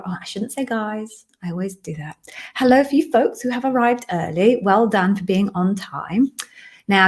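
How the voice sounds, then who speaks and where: Chatty middle-aged woman hosting. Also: medium pitch. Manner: chatty, friendly, apologetic asides. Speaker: host and interview coach. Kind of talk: live-stream Q&A chat.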